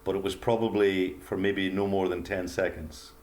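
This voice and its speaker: Older man, very deep voice, earnest, halting, reflective interview storytelling. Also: little pitch movement, a little mellow. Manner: slow, earnest, halting with pauses and fillers. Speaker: guest author.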